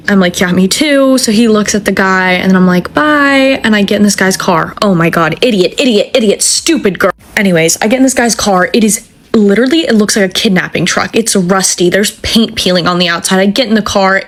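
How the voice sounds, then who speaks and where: Animated profane young woman telling a story. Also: mid-range voice. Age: 20s. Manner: animated, profane, self-mocking. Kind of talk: casual storytelling.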